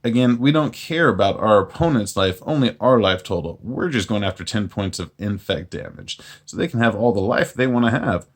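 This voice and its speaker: Low-voiced man explaining a card deck. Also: fairly quick, hardly any pauses. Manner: relaxed, plain-spoken, self-mocking jokes. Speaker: channel host reviewing a card game deck. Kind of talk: casual deck walkthrough.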